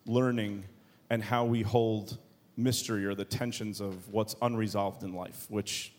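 A man's voice: on the low side, darkish tone. A man in his thirties preaching a sermon to a congregation, telling a family story in a joking, conversational way. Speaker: pastor.

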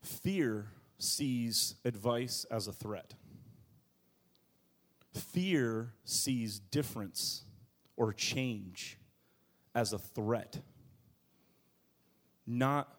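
A man preaching a sermon as pastor, moving between quiet low asides and loud, high bursts of emphasis. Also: expressive, extremely slow, pauses often. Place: church.

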